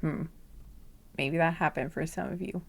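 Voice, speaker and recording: A woman's voice: sits low, steady tone, moderate pace, gravelly. Brief: woman tarot reader, casual rambling chat, sassy asides, frequent laughs, occasional whispers. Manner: drops to whispers at times. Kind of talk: casual chatty monologue.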